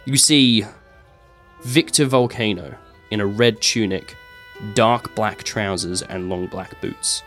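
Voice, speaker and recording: A man's voice: lowish voice, takes it slowly, fairly bright tone, faint music behind. A man narrating a tabletop game as game master, describing scenes with many fillers and sound effects.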